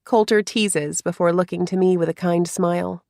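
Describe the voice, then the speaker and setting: A woman narrating a first-person romance story in a soft, confiding way, with hushed asides. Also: lowish voice, steady tone, normal speed, gravelly, no echo, clean studio sound.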